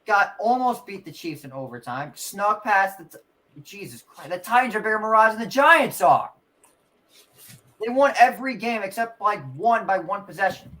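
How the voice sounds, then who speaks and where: A man's voice: sits high, lively intonation, moderate pace, sharp tone. A man hosting a casual sports podcast, ranting through sarcastic trash talk about a rival team. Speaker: podcast host.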